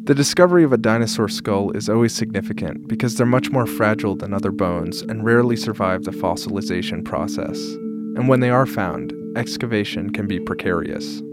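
A man narrating a documentary podcast, in a measured, scripted delivery. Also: lowish voice, over loud music.

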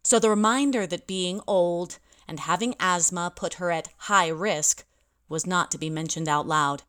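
A woman's voice: on the low side, a little slow, a bit bright, smooth. Wry young woman narrating a story. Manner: wry, self-deprecating. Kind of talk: audiobook narration.

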